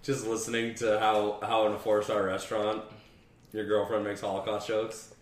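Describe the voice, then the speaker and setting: A young man casually telling stories among friends, animated and swearing freely as he laughs through them. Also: on the low side, normal speed. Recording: roomy echo.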